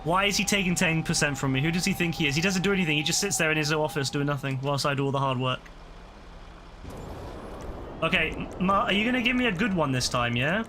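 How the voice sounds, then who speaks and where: A man's voice: fairly high pitch, quick pace, pushed and bright. A tired man streaming a game, talking to himself and the game in a frustrated, exclaiming way, his voice starting to break. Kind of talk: live gameplay commentary. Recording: clear game noise behind the voice.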